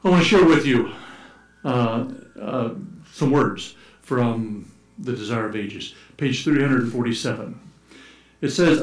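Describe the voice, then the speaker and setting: A man preaching a sermon in a church, telling stories with humor and sometimes shouting out playful calls to act them out, then reading scripture aloud. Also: a little high, lively intonation, measured pace, long pauses. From United States. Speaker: pastor. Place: church sanctuary. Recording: echoey church room.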